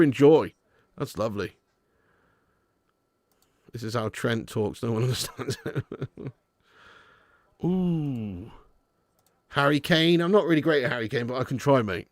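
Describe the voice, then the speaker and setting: A man hosting a live football watch-along, chatting and commentating in an excitable, sweary way. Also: medium pitch, moderate pace, long pauses, no room sound. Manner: excitable, sweary and laughing, bursts out at match moments.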